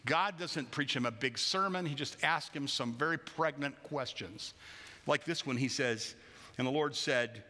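A man preaching a sermon as a pastor, lively and joking, acting out voices as he tells the story. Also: mid-range voice, a little slow, long reverb tail. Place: large church hall.

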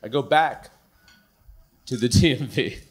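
A man performing stand-up comedy in a club, with an animated, punchy delivery full of rhetorical questions. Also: medium pitch, a little slow, slightly rough.

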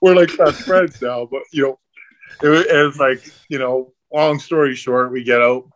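A middle-aged man, a podcast guest, telling profane, animated stories about his hockey days in a casual way. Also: medium pitch, normal speed. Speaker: podcast guest, former pro hockey enforcer. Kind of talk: casual storytelling.

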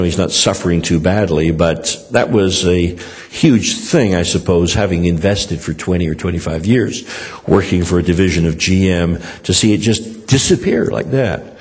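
Older man with a very deep voice preaching. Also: a little mellow, big-room sound. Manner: rambling, many "uh" and restarts. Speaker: pastor. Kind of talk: sermon with personal stories. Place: church hall.

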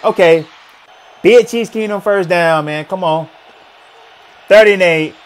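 A man reacting live to a football game, excitable, exclaiming and repeating himself. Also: high voice, takes it slowly. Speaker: sports reaction streamer.

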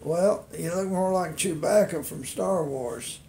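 A man's voice: a little high, a little slow, gravelly, warm tone. A man voicing his cheeky male monkey ventriloquist dummy, which talks back and argues with him in short puppet banter. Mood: teasing. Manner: sassy, contrary puppet banter.

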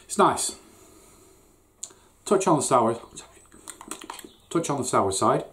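A man's voice: medium pitch, animated, takes it slowly, a bit bright, slight background noise. A middle-aged man chatting casually and swearing as he unboxes home-brewing gear, rambling and poking fun at himself. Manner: rambling, sweary, self-mocking. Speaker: home brewer, channel host. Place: garden brew shed. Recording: echoey room, distant mic.

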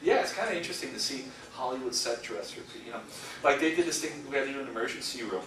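Fast, bright and forceful, with an expressive medium-pitched voice, the middle-aged storyboard artist delivers a casual guest lecture. He rambles through anecdotes, often laughing and acting out quotes. The setting is a school lecture room, echoey, with a distant mic and faint hiss.

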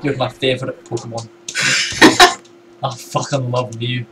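A young British man streaming a game, excitable and loud, swearing a lot and breaking into yelps. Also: medium pitch, unhurried, noisy background. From Britain. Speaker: gaming livestreamer. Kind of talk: casual gameplay chat.

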